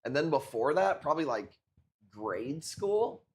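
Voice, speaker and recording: A man's voice: fairly high pitch, sing-song, measured pace, background noise. A man in his forties chatting casually on a live stream as a coral seller, laid-back and profane, calling people dude and bro. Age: 40s.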